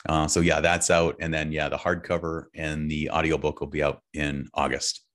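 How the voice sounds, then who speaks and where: A man's voice: a bass voice, level tone, moderate pace, a bit bright. A man talking as a guest author in a casual heartfelt conversation, upbeat and enthusiastic with easygoing slang.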